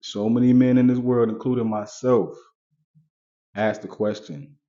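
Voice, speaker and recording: This vlogger has a medium-pitched, dark voice and takes his time, though the audio sounds dull. Chatting casually in his commentary video, he addresses viewers directly and goes over the same points more than once.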